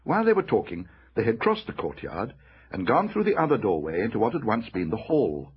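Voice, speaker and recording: A man narrating a children's fantasy audiobook in an expressive storytelling voice. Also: lowish voice, fairly quick, slightly rough, dull audio. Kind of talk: scripted narration.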